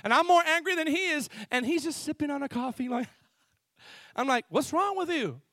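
A male pastor preaching in a church with a fairly high voice. He tells stories with animated energy, jumping from loud bursts to hushed asides. The sound is close and dry. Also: normal speed, no room sound. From Miami. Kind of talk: sermon.

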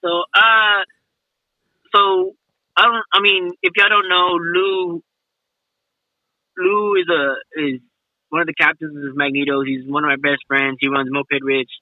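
A man's voice: on the high side, unhurried, pauses often, no room sound, phone-quality sound. A man telling a rowdy story in casual chat, laughing and swearing, after a few drinks. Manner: laughing, swearing, animated retelling. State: has been drinking.

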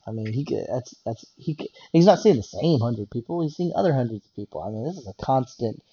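A man's voice: mid-range voice, animated, quick pace, mellow, slightly rough, dry recording, dull audio. A man talking in a rambling, blunt casual rant about working in a medical office, swearing and repeating himself.

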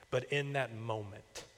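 A young man, a campus minister, preaching a sermon in a conversational, storytelling way. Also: mid-range voice. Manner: conversational, personal storytelling with asides. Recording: long reverb of a large church hall.

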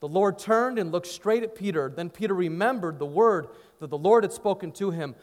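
A man's voice: high-pitched, normal speed, darkish tone, in a large hall. A man preaching a sermon, telling the story with dramatic, acted-out dialogue. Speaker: pastor.

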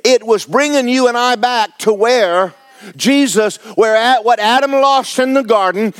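A man's voice: high-pitched, fairly bright tone. A man, preaching a folksy, joking, emphatic sermon as pastor. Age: 70s.

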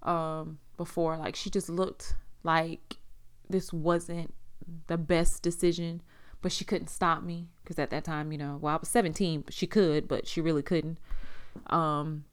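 Unhurried, with little pitch movement and a clear, resonant tone, a woman in her forties from Las Vegas, USA, shares a personal story in a blunt, candid way. She swears freely and acts out people's lines with big jumps in pitch.

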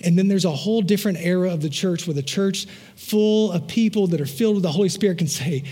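A man's voice: high-pitched, fast talker, hardly any pauses, mellow. A male pastor preaching a sermon, telling personal stories in a chatty way with asides to the congregation and repeated rhetorical phrases. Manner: conversational storytelling with asides to the congregation.

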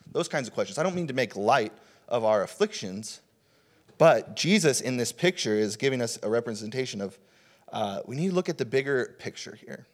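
A young man delivers a sermon in a relaxed, conversational style, with frequent fillers and restarts, at a medium pitch and moderate pace.

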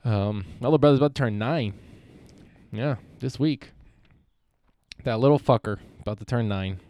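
A young man talks alone into the mic for his podcast, drifting from thought to thought and swearing often. His voice sounds smooth and clean, and it is recorded dry and close with no room echo. He sits at an ordinary middle pitch for a man. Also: moderate pace, warm tone. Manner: profane, meandering, self-interrupting. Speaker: podcast host. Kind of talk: rambling solo podcast monologue.

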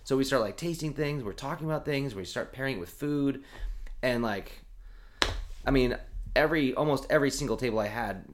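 A man chatting casually as a podcast guest, telling lively stories and acting out voices. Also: medium pitch, a little fast, background noise. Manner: animated storyteller, acts out voices.

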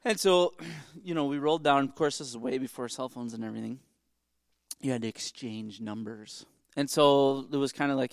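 A man's voice: medium pitch, lively intonation, moderate pace, gravelly, no echo, clean studio sound. A middle-aged man, co-hosting a podcast and telling a long story in casual chat, with many restarts and asides. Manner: rambling, self-interrupting storyteller. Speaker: podcast co-host.

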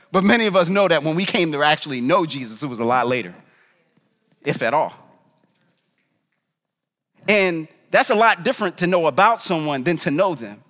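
High-voiced, slangy young-sounding preacher. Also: male voice, animated, normal speed, long pauses, a bit bright, big-room sound. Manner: casual, slangy, conversational preaching. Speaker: pastor. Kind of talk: sermon. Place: church in New York.

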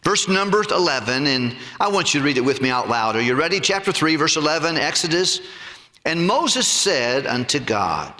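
A man preaching with lively, swinging pitch and a bright, forceful tone. He tells stories and acts out the voices of the people in them. His voice carries a long reverb, as in a big church hall. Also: moderate pace. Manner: animated storytelling, acts out voices and jokes. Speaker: pastor. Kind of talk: sermon.

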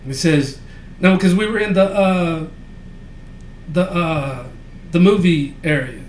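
A man with a high voice tells a loose, cussing anecdote to his co-host, talking through "you know" and "uh." The recording has a roomy echo and a faint hum of ambient noise underneath. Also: slow pace. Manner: profane, rambling anecdote telling with frequent fillers. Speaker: podcast co-host. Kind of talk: casual storytelling chat.

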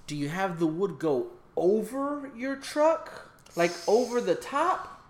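A man's voice: sits high, expressive, slow pace. A man hosting a podcast, telling a long profane story in casual chat, acting out voices and sound effects. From half Mexican. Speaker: podcast host.

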